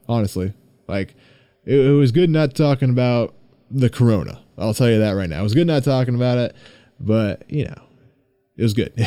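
A man's voice: medium pitch, warm tone, no echo. A young man hosting a casual solo gaming podcast, rambling, swearing freely and getting worked up as he vents. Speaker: podcast host and streamer.

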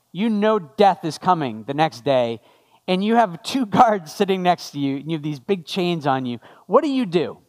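Male pastor, fairly high voice, casual sermon delivery that draws the congregation in. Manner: conversational, asks the congregation questions.

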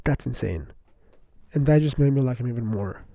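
A young man hosting a podcast, rambling excitedly in casual slangy chatter, full of "bro" and "like". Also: mid-range voice, moderate pace, no echo. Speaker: podcast host. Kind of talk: casual solo podcast talk.

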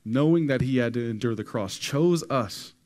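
A man's voice: medium pitch, expressive, moderate pace, a little mellow. A man preaching a sermon to a congregation, telling a story with casual slang and acting out the quoted voices. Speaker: pastor. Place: church hall with an audience.

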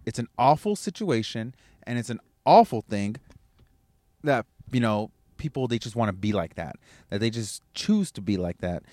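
A man's voice: medium pitch, sing-song, moderate pace, warm tone, dry recording, studio quality. A man, a father, giving a blunt, profane motivational rant as a podcast host. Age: adult with kids.

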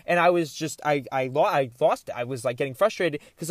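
A young man hosting a podcast, telling a story in a rambling, animated, self-interrupting way. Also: fairly high pitch, brisk, few pauses, no echo, studio quality. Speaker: podcast host. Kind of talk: casual solo storytelling.

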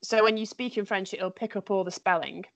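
A woman's voice: medium pitch, brisk, creaky, no echo. A woman language teacher, chatting enthusiastically with lots of fillers and restarts. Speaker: French teacher. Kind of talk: casual conversation.

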